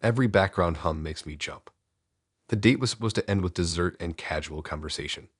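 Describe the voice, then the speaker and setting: A man narrating first-person horror stories in a slow, somber scripted read. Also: low-pitched, breathy edge, no room sound, studio quality.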